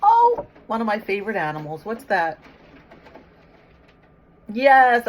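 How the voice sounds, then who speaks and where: A woman's voice: medium pitch, takes it slowly, long pauses. Woman reading a picture book to children. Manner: lively, coaxing, asks children questions and praises answers. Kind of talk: read-aloud storytime with questions.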